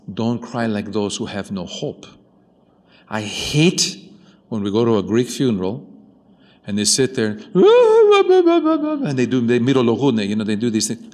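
A man preaching a sermon as a priest, talking to his congregation in an animated way, moving from quiet, intimate asides to loud, emphatic peaks. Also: fairly low pitch, in a large hall. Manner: animated, swings from soft to loud.

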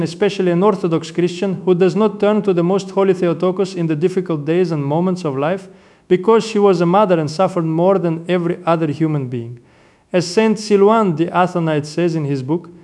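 Older monk giving a sermon, kinda high voice, slow reverent storytelling. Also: male voice, a little mellow. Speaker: Orthodox monk.

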